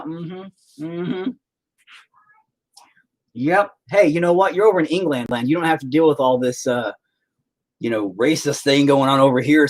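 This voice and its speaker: A man hosting a livestream in casual chat, rambling and teasing the viewers with lots of profanity. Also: fairly high pitch. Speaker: livestream host.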